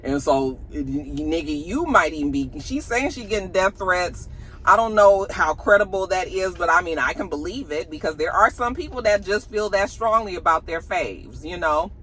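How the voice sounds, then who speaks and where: Sassy woman gossiping with bright voice. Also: on the low side, animated, moderate pace. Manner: sassy, chatty, slangy asides to the audience. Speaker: celebrity gossip vlogger. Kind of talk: casual gossip chat to viewers.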